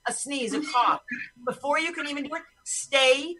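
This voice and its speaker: Bright-voiced woman host ranting bluntly. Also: high voice, a little fast, rough recording. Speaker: podcast host. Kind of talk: casual chat on a video call. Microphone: video call.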